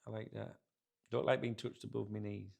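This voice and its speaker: Gravelly, sweary Scouse man ranting. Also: on the low side, flat delivery, normal speed, darkish tone. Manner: sweary, rambling, grumbling. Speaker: football channel host. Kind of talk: casual rant to camera. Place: sat in a chair indoors.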